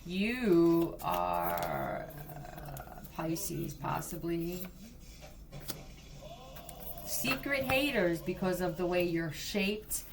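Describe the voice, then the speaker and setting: A woman's voice: on the low side, big pitch swings, extremely slow, long pauses, background noise. A woman giving a blunt, profane psychic reading, talking straight to the viewer in a casual way. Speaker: psychic reader.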